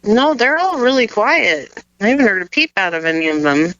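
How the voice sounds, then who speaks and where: An easygoing man co-hosting a podcast chats casually and laughs along. His tone is bright and forceful. The sound is dry, with no room echo. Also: sits high, big pitch swings, normal speed, clean tone, dull audio. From Colorado. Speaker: podcast co-host. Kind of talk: casual chat.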